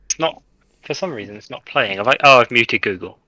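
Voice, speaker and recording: A man playing in a tabletop game, chatting casually and quick to argue a point. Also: mid-range voice, expressive, pushed and bright. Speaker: player.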